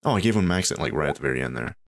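A man giving casual let's play commentary, thinking aloud and getting excited at surprises. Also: a bass voice, racing, a little hiss or hum. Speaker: gameplay commentator.

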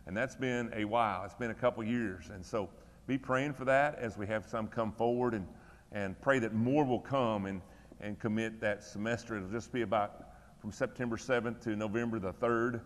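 A man's voice: on the low side, normal speed, big-room sound. A middle-aged man serving as pastor, giving church announcements and prayer requests in a folksy, conversational, encouraging way in a church room.

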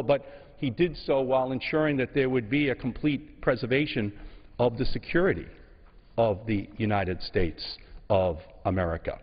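A congressman in his sixties from Massachusetts giving a measured, emphatic floor speech, slow and full of pauses. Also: medium pitch. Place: legislative chamber. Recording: dull sound in a reverberant chamber.

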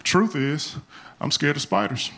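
Stand-up comedian, slangy and conversational. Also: male voice, on the high side, very animated, unhurried, very noisy. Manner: loose, conversational delivery with slangy asides. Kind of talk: live stand-up routine. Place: comedy club stage.

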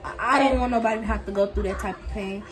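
A woman's voice: medium pitch, steady tone, fast talker. A young woman co-hosting a casual vlog, telling a story earnestly. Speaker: co-host. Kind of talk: casual chat.

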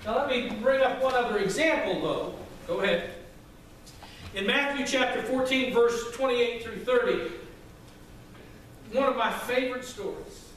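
A man preaches from the front of a church, his voice pitched unusually high for a man. It carries loud and emphatic, with quick asides to the congregation. The sound is heavily reverberant and picked up from some distance, with a faint hiss underneath. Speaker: pastor. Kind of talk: sermon. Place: church sanctuary. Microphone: microphone at a distance. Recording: very echoey hall, from far off, faint noise.

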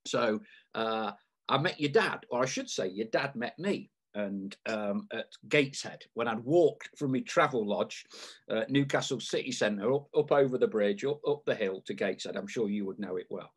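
A man's voice: on the low side, lively intonation, moderate pace, husky. A man hosting a podcast, asking rambling, chatty questions with lots of fillers. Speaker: podcast host. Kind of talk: casual interview.

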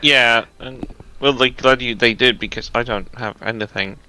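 A man's voice: medium pitch, steady tone, normal speed, bright, forceful tone, slight background noise, low-quality recording. A man co-hosting a casual morning show, chatting in an easygoing way. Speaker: co-host.

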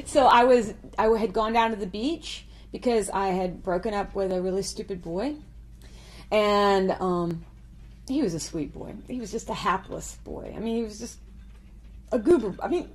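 A woman's voice: medium pitch, animated, a little slow, slightly rough. A woman songwriter telling a story in a chatty, self-mocking way, laughing often. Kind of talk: storytelling interview.

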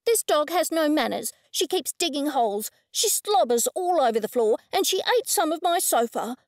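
A woman's voice: high voice, animated, moderate pace, a little mellow, dry recording, clean studio sound, pitched above the performer's own voice. A woman voicing a rude, overbearing middle-aged woman who snaps and demands, in an audiobook. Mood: snappish. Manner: snappish, demanding.

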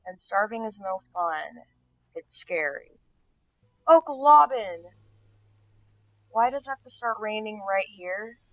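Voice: medium pitch, unhurried, a bit bright. A gaming host with a stuffy nose, chatting casually through gameplay and getting startled now and then. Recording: dull lo-fi sound.

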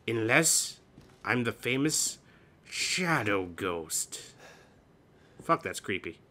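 A man's voice: medium pitch, sharp tone. A man hosting a horror game let's play, nervous and jumpy, swearing often and cracking self-mocking jokes.

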